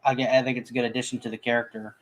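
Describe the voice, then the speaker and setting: A man's voice: mid-range voice, flat delivery, very fast. A man in casual conversation about a film, talking in a rambling way with frequent restarts and fillers. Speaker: movie podcast co-host.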